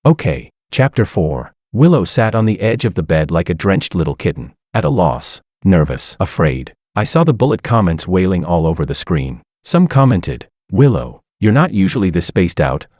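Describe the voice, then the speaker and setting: A man's voice: low voice, big pitch swings, normal speed, hardly any pauses, darkish tone, no room sound, studio quality. A man narrating a first-person romance story in a smug, amused tone.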